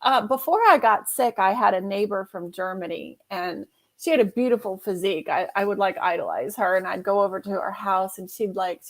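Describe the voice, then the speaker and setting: A woman's voice: medium pitch, moderate pace. A woman guest, an herbalist, chatting casually and acting out the people in her stories. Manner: storytelling, acts out quotes. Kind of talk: casual chat.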